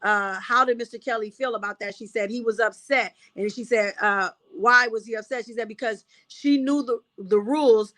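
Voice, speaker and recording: A woman's voice: a little high, normal speed, hardly any pauses, a bit bright, dry recording. Chatty woman recapping notes, dry sound. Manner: reads notes aloud, restarts often, chatty asides. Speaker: commentator recapping courtroom testimony. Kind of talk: casual live recap.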